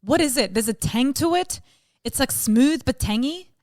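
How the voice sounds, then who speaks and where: A woman co-hosting a relaxed podcast, rambling on and poking fun at herself. Her voice is fairly high. The recording is dry and close to the mic. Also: no echo. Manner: rambling, self-mocking, quick to apologize. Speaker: podcast co-host. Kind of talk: casual chat, wine tasting.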